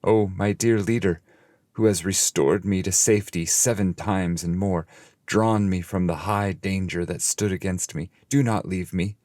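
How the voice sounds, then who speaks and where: A man's voice: sits low, fairly even intonation, measured pace, darkish tone, no echo, studio quality, voice pushed up. A man reading the lines of a frightened male traveler who pleads urgently with his guide. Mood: pleading. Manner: pleading, urgent verse speech.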